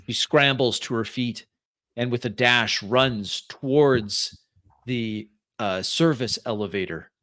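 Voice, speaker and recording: A man narrating a tabletop game as game master, describing the scene deliberately and often restarting his phrases. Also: medium pitch, a bit bright, no room sound.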